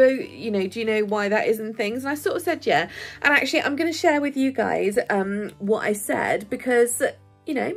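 A woman's voice: a little high, slightly rough. A woman vlogging candidly, chatty and rambling, laughing often and easily moved. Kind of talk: candid personal vlog.

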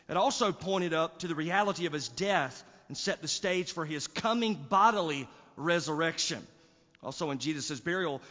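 Pastor preaching in a reverberant church. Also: male voice, fairly high pitch, fairly bright tone. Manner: emphatic preaching with rising bursts and repeated words. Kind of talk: sermon. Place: church sanctuary. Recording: church hall reverb, dull lo-fi sound.

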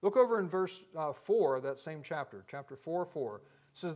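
A middle-aged man preaching a sermon with passion, his voice building to near-shouting peaks. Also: fairly high pitch, lively intonation, normal speed.

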